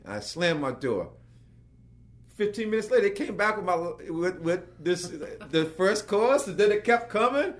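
A man, a working actor, telling an anecdote as a guest and acting out the voices of the people in it. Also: normal speed. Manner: lively, acts out quotes with big pitch jumps. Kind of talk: animated storytelling.

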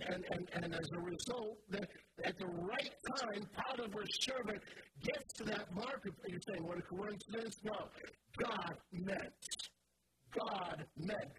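A male pastor delivers an impassioned sermon in a high-pitched voice. He moves between soft, confiding asides and fervent, shouted declarations. A steady hiss of background noise runs under the recording. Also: slow pace. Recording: noisy church recording.

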